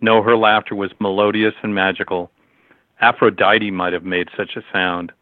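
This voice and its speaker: A narrator with a fairly low voice reads a storybook aloud at a steady, measured pace. The sound is dry and close, without echo or any room around it, and comes through thin and tinny like a phone line.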